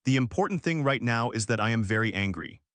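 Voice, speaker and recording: A man's voice: mid-range voice, expressive, a little fast, a bit bright, no echo, natural voice. A man voicing a brash, flustered young male summoner in a fantasy story recap.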